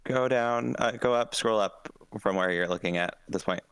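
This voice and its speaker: Playful game master narrating. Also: male voice, on the low side, normal speed, a bit bright, clean tone. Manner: playful, dramatic storytelling with puns.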